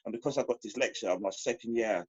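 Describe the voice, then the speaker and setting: A man's voice: on the low side, quick pace, a little mellow, slightly rough, no room sound, highs cut off. A middle-aged man from London giving a heartfelt, rambling share at a recovery meeting, full of "you know" fillers.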